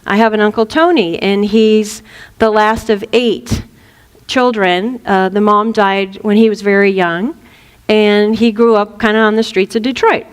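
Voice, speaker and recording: A woman's voice: medium pitch, a little slow, clean tone, big-room sound. A woman, a reverend, giving an informal spiritual talk, telling stories and acting out quotes playfully. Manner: animated storytelling with playful acted-out quotes.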